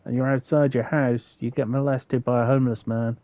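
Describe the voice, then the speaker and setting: A man chats loosely through a live game stream, wandering into jokey tangents as he plays. His voice sits at a middling pitch. The recording is dry but slightly muffled and lo-fi. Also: little pitch movement, a little fast, no room sound. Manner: joking, rambling asides. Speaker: streamer playing a farming game with a co-player. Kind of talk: casual gameplay chat.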